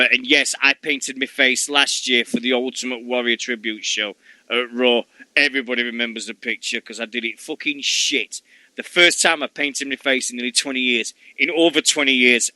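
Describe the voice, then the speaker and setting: A man's voice: mid-range voice, bright, forceful tone, dry recording. A middle-aged man hosting a wrestling radio show, rambling and jokey in casual chat, swearing freely.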